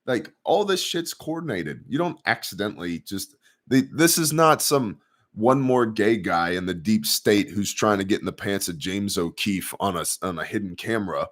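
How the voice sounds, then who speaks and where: Low-voiced sarcastic male news host. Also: animated, normal speed, a bit bright. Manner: sarcastic, profane, conspiratorial. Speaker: host of a news commentary show. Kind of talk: casual news commentary.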